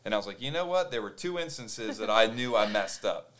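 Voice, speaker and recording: A man's voice: fairly low pitch, fairly quick, crowd noise. A man hosting a podcast, telling a story in casual chat, acting out other people's voices and swearing freely. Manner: animated, acts out quoted voices, swears freely. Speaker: podcast host.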